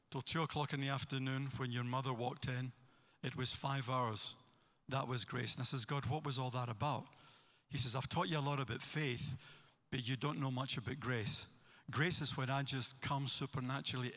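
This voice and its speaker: A man with a Scottish accent, a pastor preaching a sermon and telling stories with animated energy. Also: medium pitch. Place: church hall. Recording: long hall reverb.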